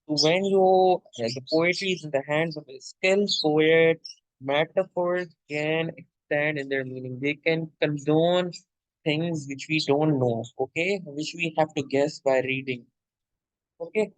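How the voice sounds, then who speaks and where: A man's voice: on the high side, a little slow, dry recording, poor audio. A male literature teacher giving an explanatory lecture, repeating points and checking in with "okay?" and "my dear.". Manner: addresses listener as "my dear".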